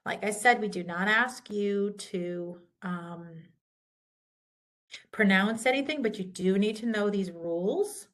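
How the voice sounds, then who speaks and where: A woman's voice: medium pitch, a bit bright. A woman instructor giving a recorded lecture, patiently walking through pronunciation rules. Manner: patient, slow and deliberate, contrasting correct and wrong pronunciations.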